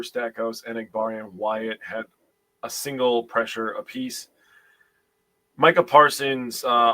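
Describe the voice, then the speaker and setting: A man's voice: medium pitch, sharp tone. A man with a Wisconsin accent co-hosting a sports podcast, rambling and correcting himself as he goes. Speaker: podcast co-host. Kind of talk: casual sports podcast chat.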